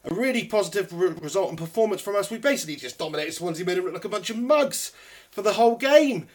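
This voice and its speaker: A young man hosting a live post-match football reaction stream, chatty and excitable, a bit out of breath. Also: high voice, quick pace. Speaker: football fan channel host.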